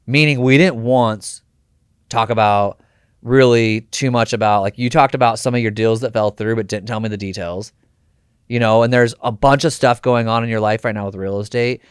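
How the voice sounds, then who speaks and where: A man's voice: medium pitch, steady tone, moderate pace, smooth, dry recording, clean studio sound. A man hosting a podcast interview, talking casually and energetically, slipping in slang and acted-out quotes. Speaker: podcast host.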